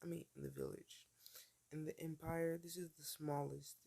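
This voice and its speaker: A stern imperial servant giving orders, as a man puts him on while retelling a story. The tone is mellow and dark, firm, lightly sketched rather than fully acted. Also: on the high side, little pitch movement, moderate pace, vocal fry. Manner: authoritative.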